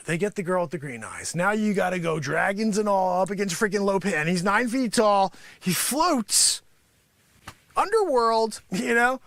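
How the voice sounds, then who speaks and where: A man's voice: sits high, bright, forceful tone, dry recording, pitched below the performer's own voice, full character voice. A man voicing a boastful, greedy male karate sensei in an improvised comic bit, scolding and bragging at his students. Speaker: livestream musician host.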